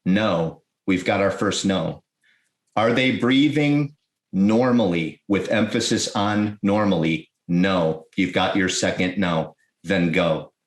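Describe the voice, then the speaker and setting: Man, podcast guest, emergency-services chief, explaining, quick bursts, low voice, echoey room. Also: steady tone. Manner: explanatory, fast bursts with restarts. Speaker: guest, EMS fire chief. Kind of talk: conversational podcast interview. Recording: roomy echo.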